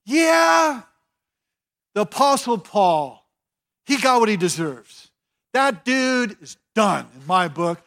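Mocking male critic, high-pitched, gossipy, voiced by a preacher. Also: sing-song, takes it slowly, long pauses, fairly bright tone, heavily acted.

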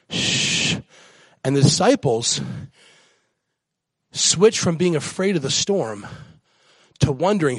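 High-voiced preaching man, big swings. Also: no room sound. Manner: preaching, rising to high excited peaks and dropping to soft near-whispers. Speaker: guest pastor. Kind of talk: sermon.

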